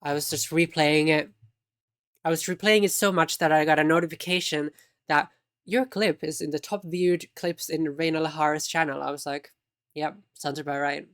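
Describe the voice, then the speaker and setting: Streamer, mid pitch, easygoing chat with viewers, teasing. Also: steady tone, moderate pace, a bit bright, clean tone, dry recording, studio quality. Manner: chatty, teasing, reacting to chat. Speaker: live streamer.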